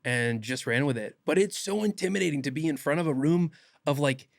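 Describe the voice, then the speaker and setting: A young man, an actor guest on a podcast, telling stories in a casual animated way and acting out quotes. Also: fairly high pitch, brisk, dry recording, studio quality. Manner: animated, laughs often, acts out quotes. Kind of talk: casual podcast interview storytelling.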